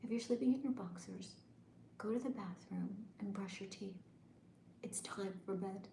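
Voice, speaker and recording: A woman voicing a soothing, bossy bedtime guide in a whispered role-play, with a breathy, unvoiced whisper. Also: medium pitch, moderate pace, roomy sound, noisy background, lightly acted.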